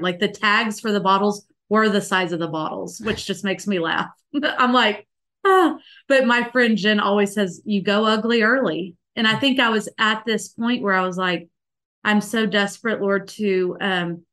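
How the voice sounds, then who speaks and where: A woman in her thirties speaks as a podcast guest. She tells her story in an earnest, tender way, with plenty of "like" fillers. Her voice sits at an ordinary middle pitch. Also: fairly bright tone. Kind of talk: heartfelt conversational storytelling.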